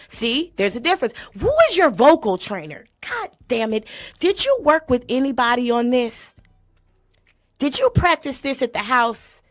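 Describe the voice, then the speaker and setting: A woman hosting a comedic vocal critique, sassy and mocking, bursting into exaggerated loud sung imitations. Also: on the high side. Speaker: host critiquing a singer. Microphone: desk mic.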